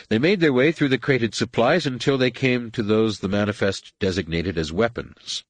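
A man's voice: mid-range voice, moderate pace, few pauses, no echo. A man narrating a story aloud, reading expressively and giving each figure a voice. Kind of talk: audiobook narration.

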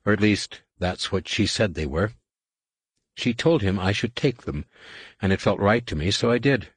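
A man's voice: animated, moderate pace, breathy edge, no room sound. A man reading aloud and voicing a strong-willed, stubborn pregnant woman with an insistent, raised voice. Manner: insistent, lifted pitch.

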